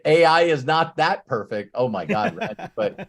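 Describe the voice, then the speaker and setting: A man's voice: a little high, very animated, moderate pace, creaky. Chatty laughing man hosting a live session. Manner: chatty, laughs often, many restarts. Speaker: host, life coach. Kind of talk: casual live session talk.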